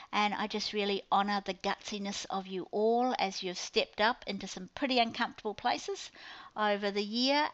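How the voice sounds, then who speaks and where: A woman's voice: mid-range voice, a bit bright, highs cut off. A woman with a New Zealand accent, a business coach giving an upbeat, chatty promotional talk to her clients. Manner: chatty, upbeat sales patter with playful asides.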